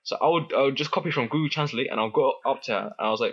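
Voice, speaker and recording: A young man tells a story in casual chat. His voice is bright and a little husky, and he trips over his words and laughs as he goes. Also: mid-range voice, fast talker, few pauses, highs cut off. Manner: animated, laughing, many restarts. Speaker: guest.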